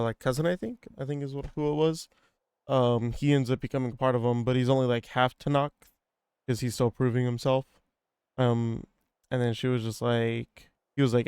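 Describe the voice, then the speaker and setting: A man's voice: medium pitch, a little mellow, clean tone, no room sound. A man casually recapping a video game for viewers, rambling and swearing, with lots of fillers. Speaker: gaming streamer. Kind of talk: let's-play recap commentary.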